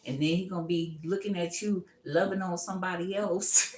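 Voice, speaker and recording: A woman's voice: fairly low pitch, fairly even intonation, moderate pace, reverberant. Brash laughing woman reading tarot. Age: middle-aged. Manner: laughing, brash, swearing, calls listeners boo and baby. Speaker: tarot reader. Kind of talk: casual live tarot reading.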